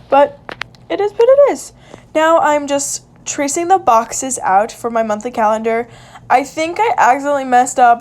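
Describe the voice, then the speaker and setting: Chatty young woman narrating a craft vlog. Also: a little high. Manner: chatty, filler-heavy, laughs often. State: hiccups. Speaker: vlogger. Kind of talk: casual voice-over narration.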